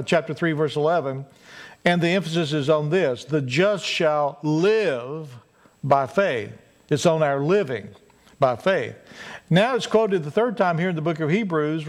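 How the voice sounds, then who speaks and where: Folksy preacher man. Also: fairly high pitch. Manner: folksy preaching, drawn-out emphasis on key words. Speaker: pastor. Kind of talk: sermon.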